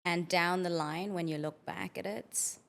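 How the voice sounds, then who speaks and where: A woman's voice: fairly low pitch, fairly even intonation, measured pace, creaky. A woman physician appearing as a podcast guest, speaking reflectively in casual conversation. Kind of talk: casual interview chat.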